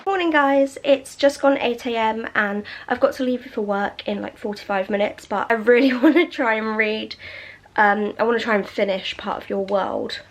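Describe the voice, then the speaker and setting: A woman's voice: on the high side, moderate pace. Chatty young woman vlogging. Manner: chatty, gushing, lots of fillers. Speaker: book vlogger. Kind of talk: casual reading vlog. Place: at home.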